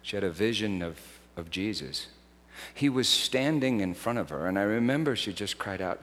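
A man preaching a sermon, swinging from hushed, slow phrases to loud, soaring outbursts. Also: lowish voice, very animated, big-room sound.

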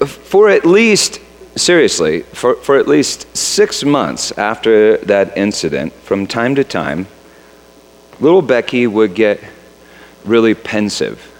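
A middle-aged father telling a funny family story in an animated way, now and then putting on the voices of children. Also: fairly low pitch, takes it slowly. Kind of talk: storytelling talk. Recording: reverberant hall.

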